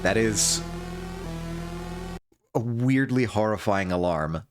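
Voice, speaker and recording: Over background game music, a man narrates his live gameplay and chats with his audience, poking fun at himself and frequently cracking up. He talks at a normal speed in a fairly low, expressive voice, recorded at studio quality with no echo.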